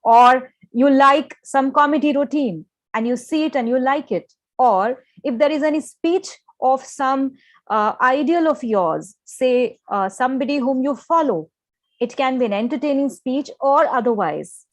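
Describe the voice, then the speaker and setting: A woman explains each point to a class. She has a fairly high voice and keeps asking "okay?" The sound is close and dry, with no room echo. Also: measured pace. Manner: explanatory, mixes English and Hindi phrases, frequent "okay?" checks. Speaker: lecturer. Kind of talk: lecture on listening skills.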